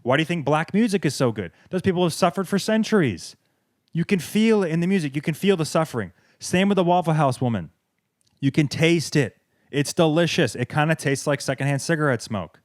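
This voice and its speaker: Brisk and expressive, a man with a slightly high voice hosts a podcast, delivering a comedic, sarcastic rant full of swearing. He's from the American South, and his wireless clip-on mic gives studio quality with no room sound.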